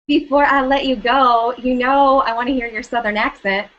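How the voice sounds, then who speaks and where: A woman hosts a web interview show with upbeat, quick affirmations and easy laughter. Her voice sits a bit high. She sounds relaxed and conversational. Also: highs cut off. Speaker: host.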